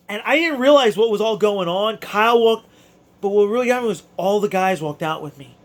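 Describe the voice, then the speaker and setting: Dude with a high voice telling his boxing fight story, all fired up and emotional, trips over his words. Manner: excitable, emotional, stumbling restarts. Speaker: amateur boxer recounting his fight. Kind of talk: casual storytelling to camera.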